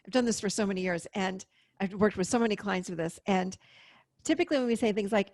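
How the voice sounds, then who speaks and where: A woman in her fifties, a therapist, explaining in an animated way during an interview. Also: mid-range voice, quick pace, dry recording. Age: 50s. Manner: animated, explaining with acted-out inner voices. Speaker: therapist and podcast guest. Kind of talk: interview conversation.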